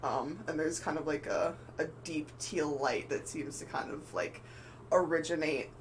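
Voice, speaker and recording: A man's voice: a little high, unhurried, a little hiss or hum, poor audio. A man narrating as game master, rambling with many fillers. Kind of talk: narrating a tabletop game on a live stream.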